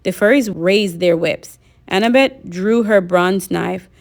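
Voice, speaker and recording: A woman narrating a novel aloud in a lively audiobook reading, voicing the characters. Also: mid-range voice, a little slow, gravelly.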